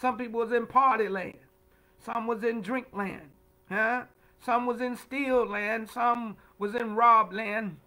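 A man's voice: extremely high pitch, fairly even intonation, unhurried, pushed and bright, rough recording. A man leading a livestreamed Bible study as pastor, preaching in call-and-response style with frequent "amen" and "huh?", repeating words and greeting viewers by name. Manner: repeats words, stammering restarts.

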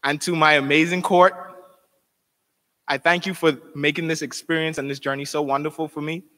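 A man's voice: fairly high pitch, level tone, moderate pace, sharp tone. A young man giving a formal, heartfelt farewell address as an outgoing university title holder. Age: young adult. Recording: long reverb of a hall.

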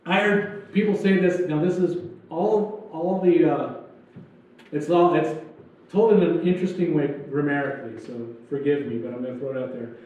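Preaching in a church sanctuary, this pastor uses a fairly high, slightly mellow voice at normal speed. He jokes loosely and acts out asides. The sound is echoey and dull, captured by a distant mic.

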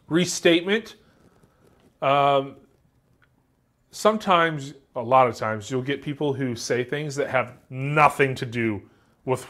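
A man's voice: mid-range voice, a bit bright. A man teaching a class in a casual, joking way, acting out example answers with a light Southern American accent. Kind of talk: classroom lecture.

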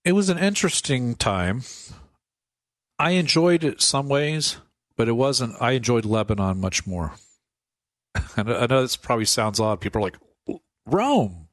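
A man, a priest, telling stories from his life in a relaxed radio interview, laughing often and acting out the voices of people he quotes. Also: mid-range voice, normal speed, no echo, studio quality. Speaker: priest guest. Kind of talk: casual storytelling interview.

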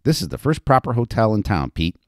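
Brief: bold, teasing frontier madam, pitched high and loud, played by a male narrator, dry close sound. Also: big pitch swings, brisk, no echo. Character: flirtatious brassy frontier brothel madam, woman.

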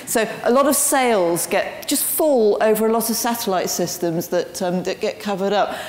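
A woman speaks as a guest lecturer and tells her story with lively energy and many ums. Her voice carries through a large room with a long, ringing echo. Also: medium pitch, normal speed. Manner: animated storytelling with frequent ums. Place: lecture hall. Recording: roomy hall with long reverb.

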